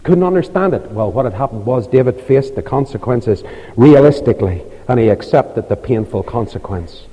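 A man preaching an evangelistic sermon in a church, pleading fervently and climbing high on his appeals. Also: lively intonation, normal speed, dark tone, husky. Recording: long reverb of a large hall.

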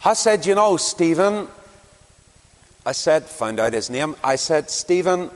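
A Northern Irish preacher delivers a sermon built on anecdotes from his own encounters. His pitch sits in the middle but swings widely as he tells each story. The voice carries a long reverb through a church hall. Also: sing-song, unhurried. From Northern Ireland.

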